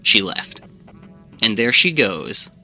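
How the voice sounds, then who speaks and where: A man's voice: lowish voice, sing-song, takes it slowly, sharp tone, soft background music. A young man streaming a story game, reading the narration and joking about it with frequent laughs. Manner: jokey, laughing, reads narration aloud. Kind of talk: let's play commentary, reading game text.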